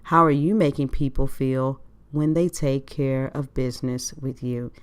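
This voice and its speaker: A woman's voice: extremely low pitch, fairly even intonation, a little slow. A woman hosting a podcast, talking casually on her own and asking her listeners rhetorical questions. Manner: conversational, full of rhetorical questions. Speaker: podcast host. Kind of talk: casual solo podcast monologue.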